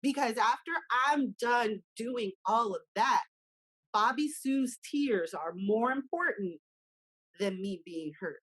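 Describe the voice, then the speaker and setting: A woman with a slightly high, husky voice speaks as a guest in a conversation. She talks with passion and acts out small scenes as she makes her point. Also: lively intonation, takes it slowly, a bit bright, poor audio.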